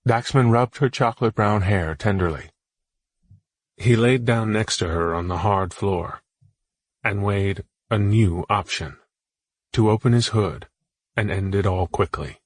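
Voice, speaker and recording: Husky low-voiced male audiobook narrator. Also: measured pace, no echo.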